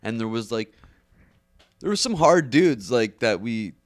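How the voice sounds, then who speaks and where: A man's voice: mid-range voice, sing-song, unhurried, no room sound, studio quality. A man co-hosting a podcast in casual chat, laid-back and full of swearing and "like". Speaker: podcast co-host.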